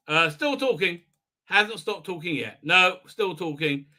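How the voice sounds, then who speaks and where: A man with a high, bright, forceful voice hosts a live stream, speaking a little slowly with lively intonation. He gives a rambling, sarcastic episode recap full of fillers, poking fun at the characters and mimicking them mid-sentence.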